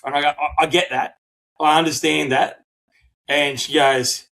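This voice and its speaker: Middle-aged australian man, podcast co-host, sweary storyteller, lively quoted voices, fairly high voice. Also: normal speed, rough recording. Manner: swears freely, acts out quotes in animated bursts. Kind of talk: casual storytelling chat.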